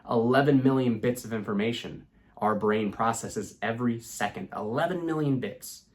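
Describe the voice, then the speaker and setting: A young man hosting a spiritual self-help channel, teaching in a relaxed, casual way, full of fillers and repeated phrases. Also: medium pitch, moderate pace. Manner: relaxed, repeats himself, many "you know" fillers. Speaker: law of attraction channel host.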